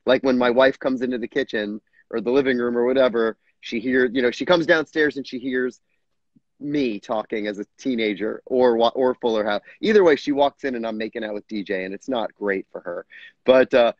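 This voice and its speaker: A man's voice: mid-range voice, brisk, no room sound, muffled recording. A middle-aged man, a guest actor, telling stories in a casual interview with frequent laughs and restarts. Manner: chatty storyteller, laughs often, frequent restarts. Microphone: video call.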